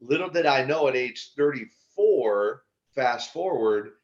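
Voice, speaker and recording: A man in his sixties, a former pro wrestler, telling stories as a podcast guest in an animated way with laughs and restarts. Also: mid-range voice, unhurried. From United States. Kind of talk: casual storytelling interview. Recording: dull lo-fi audio.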